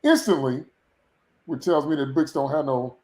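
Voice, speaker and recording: A podcast co-host reviewing a TV episode vents his opinions casually, breaking into exasperated rants and laughing often. His voice is on the high side and a little mellow at a normal speed, and the room has a roomy echo.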